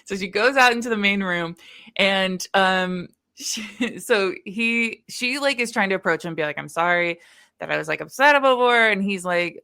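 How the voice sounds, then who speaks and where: A woman's voice: mid-range voice, expressive, moderate pace, bright, forceful tone, smooth. A woman co-hosting a podcast, casually retelling a story's plot and acting out the characters' lines as she goes. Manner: retells plot with quoted voices and laughs. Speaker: podcast co-host. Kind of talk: casual book-recap chat.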